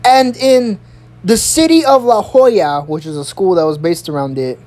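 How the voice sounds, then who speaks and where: A young adult storyteller putting on a furious, strict woman principal who scolds in a shrill, drawn-out way. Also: darkish tone, natural voice. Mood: formal.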